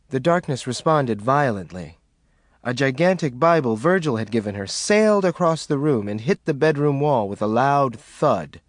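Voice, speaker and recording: Male narrator, lively, expressive audiobook read, dry booth sound. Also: mid-range voice, moderate pace, no echo. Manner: expressive reading. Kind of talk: scripted narration.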